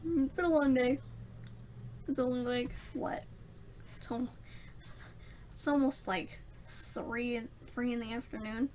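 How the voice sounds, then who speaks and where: A woman's voice: a little high, steady tone, a little slow, long pauses, a little mellow, a little hiss or hum. A young woman rambling through a casual storytime vlog, self-mocking and laughing often. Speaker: vlogger.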